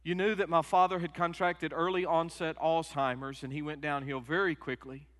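A middle-aged man preaching a sermon, moving from quiet personal stories to loud, emphatic peaks. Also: on the high side, level tone, normal speed. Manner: emotional storytelling, rising to loud emphatic peaks. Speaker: pastor. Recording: long hall reverb.

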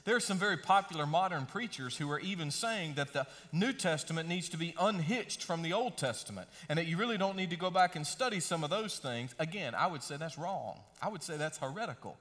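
Emphatic preacher in a reverberant hall. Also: male voice, on the high side, lively intonation, fairly quick, few pauses, a bit bright. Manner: folksy, emphatic preaching with dramatic swings. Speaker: pastor. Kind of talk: sermon. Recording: long reverb of a large hall.

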